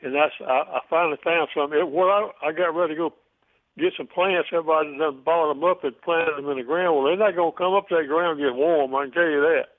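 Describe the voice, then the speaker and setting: An older man phones in and tells a story in a loose, folksy way, circling back as he goes. His voice sits a bit high, and it comes through a tinny telephone line. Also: fast. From Mobile, Alabama. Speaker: caller. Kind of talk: casual phone-in chat.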